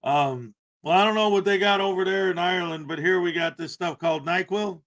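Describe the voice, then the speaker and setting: A man with a high, fairly quick voice hosts a casual morning livestream. He jokes around playfully and greets viewers by name, giving them shout-outs.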